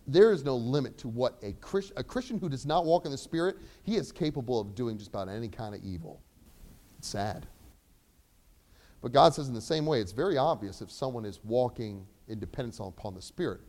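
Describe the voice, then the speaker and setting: A young man preaching a sermon, animated, swinging between loud emphasis and quiet asides. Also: medium pitch, fairly quick. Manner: acts out voices of characters in the sermon.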